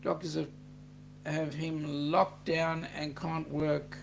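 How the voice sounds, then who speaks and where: An Australian host on a live stream, working through viewer comments at an unhurried pace. The voice sits at a middling pitch. The delivery is casual and chatty, full of greetings and "um"s. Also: level tone, gravelly, slight background noise. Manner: chatty, laid-back, with frequent "um"s and greetings.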